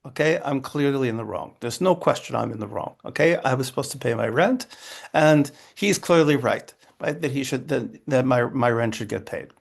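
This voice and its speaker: A man's voice: medium pitch, expressive, normal speed, gravelly, slightly rough. A man, a rabbi, explaining ideas in a dialogue, often restarting phrases and checking in with "right?" and "okay?". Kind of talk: interfaith dialogue talk.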